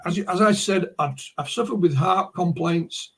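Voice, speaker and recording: Yorkshire guy, kinda husky voice, higher pitched, rambles on with lots of "you know"s over a video call. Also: normal speed, a bit bright. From Yorkshire, England. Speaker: guest. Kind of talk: casual conversation, storytelling.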